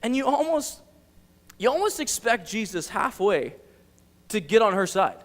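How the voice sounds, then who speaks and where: Chatty high-voiced man preaching. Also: unhurried, big-room sound. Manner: chatty, animated, full of filler words. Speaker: youth ministry director preaching. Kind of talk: casual conversational sermon. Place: church sanctuary.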